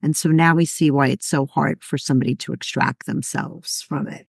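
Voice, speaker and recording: A woman's voice: sits low, steady tone, moderate pace, gravelly, dry recording, studio quality. A woman in a podcast conversation who explains steadily and often answers with brief agreement. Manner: affirming, brief backchannels, explanatory.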